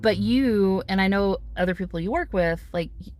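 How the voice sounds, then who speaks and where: A woman's voice: medium pitch, moderate pace, a little mellow, no echo. A woman host with a Texan accent, chatting in an encouraging, reflective way. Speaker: host, interviewer. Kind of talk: casual interview chat.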